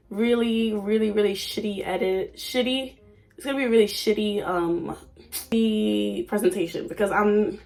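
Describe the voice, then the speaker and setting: A woman's voice: mid-range voice, darkish tone. A nineteen-year-old woman vlogging at home in a chatty, playful, oversharing way. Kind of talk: casual chat. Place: at home under a ring light.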